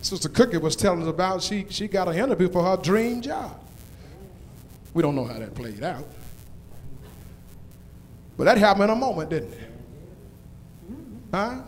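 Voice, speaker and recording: A man preaching a sermon in a church, with call-and-response lines that build to shouted climaxes. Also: high-pitched, sing-song, moderate pace, pauses often, a little hiss or hum. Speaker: pastor. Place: church sanctuary. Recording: long church reverb.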